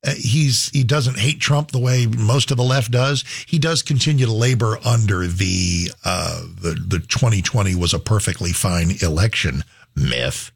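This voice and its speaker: Male talk host, husky and dry-miked, rambling delivery. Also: lowish voice, dry recording. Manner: rambling, halting, many restarts. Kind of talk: casual radio talk.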